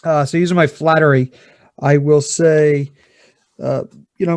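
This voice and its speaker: A man's voice: fairly high pitch, steady tone, measured pace, long pauses, a little mellow, no echo, studio quality. A man playing a tabletop game, casual and joking, with hesitant stops. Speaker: player.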